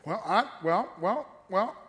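A man's voice: high voice, lively intonation, takes it slowly, a bit bright. A man preaching a sermon in church, emphatic and firing questions at the congregation.

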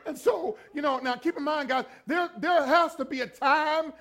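A male pastor tells a comic story from the pulpit in a very high voice. He is animated, acts out the voices and screams of the people in the story, and stumbles through bursts of repeated words as it builds. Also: normal speed, creaky, slight background noise. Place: church before a congregation.

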